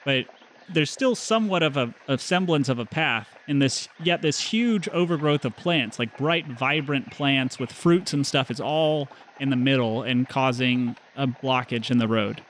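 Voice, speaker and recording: A young man narrating a tabletop game as game master, relaxed and rambling. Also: mid-range voice, a little slow, a little hiss or hum. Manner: relaxed, rambling, many fillers and restarts.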